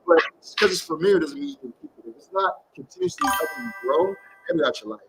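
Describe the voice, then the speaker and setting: A man's voice: on the high side, lively intonation, fast, fairly bright tone, husky, soft background music, low-quality recording. A man giving live-streamed tarot readings in a slangy, encouraging way, greeting viewers and calling them baby. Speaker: tarot reader.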